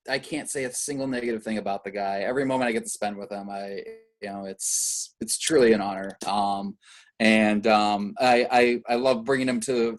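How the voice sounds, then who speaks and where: Rambling man telling filmmaking stories. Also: on the low side. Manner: rambling, many filler "like"s and restarts. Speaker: filmmaker guest. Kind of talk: casual interview chat.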